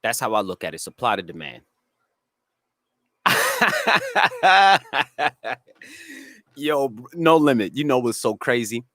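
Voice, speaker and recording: Raspy man with a New England accent. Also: medium pitch, animated, fairly quick, hardly any pauses, no room sound, studio quality. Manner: slangy, laid-back, laughs often. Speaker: cannabis grower and streamer. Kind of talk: casual live-stream chat. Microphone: dry close mic, studio.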